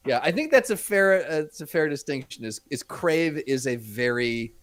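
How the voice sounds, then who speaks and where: A man's voice: a little high, expressive, normal speed, a little hiss or hum. A man co-hosting a comedy podcast, chiming in with brief, dry remarks. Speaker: podcast co-host. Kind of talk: casual podcast chat.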